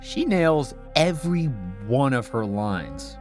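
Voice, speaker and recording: Brief: male game reviewer, dry and sarcastic, lively pitch, faint music underneath. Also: slow pace. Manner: dry, sarcastic, joking asides. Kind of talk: scripted video review narration.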